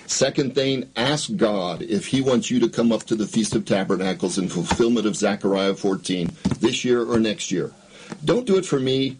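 A male interview guest who tells stories in an earnest, measured way. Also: lowish voice, animated, a little mellow, slight background noise, rough recording. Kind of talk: storytelling interview.

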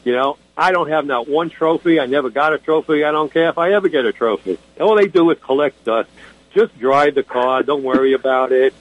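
A man's voice: a little high, a little fast, narrow, tinny audio. A man from Brooklyn, co-hosting a radio car show in a blunt, opinionated, joking way. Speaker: co-host. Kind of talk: casual radio chat.

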